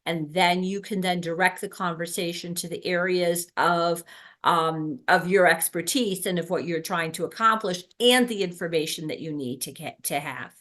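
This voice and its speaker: A woman's voice: lowish voice, moderate pace, fairly bright tone. A woman leading a workshop for birth helpers, talking casually with many ums and restarts. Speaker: doula trainer. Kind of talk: workshop teaching.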